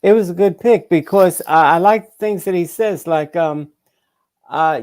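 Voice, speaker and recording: A man co-hosting a loose political talk show. He answers with sarcastic quips and short agreements. His voice sits a little high. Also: a little slow, a little mellow, smooth. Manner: sarcastic, backs others with short replies. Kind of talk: casual political chat.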